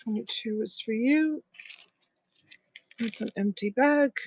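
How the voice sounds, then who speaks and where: A woman's voice: a little high, slow pace, noisy background. A woman selling jewelry on a live stream in a chatty, affectionate way, thanking viewers by name. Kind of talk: casual live-selling chat.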